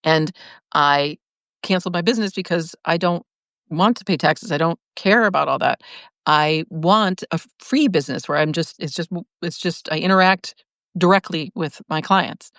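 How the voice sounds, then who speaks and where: A woman hosting a live video, reading out viewer comments and answering in an animated way, laughing often and restarting her sentences. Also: fairly low pitch, moderate pace, dry recording. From lived in Chicago, now in California. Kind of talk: casual live-stream talk.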